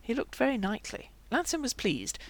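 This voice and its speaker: A narrator reading a fantasy novel aloud in a lively, expressive way. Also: medium pitch, normal speed. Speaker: audiobook narrator. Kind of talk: audiobook narration.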